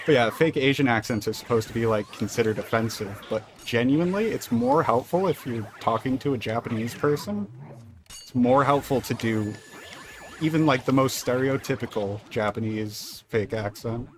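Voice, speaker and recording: A man's voice: mid-range voice, moderate pace, slight background noise. A man streaming a speedrun, chatting casually and rambling, with casual swearing between thoughts. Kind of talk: casual chat while gaming.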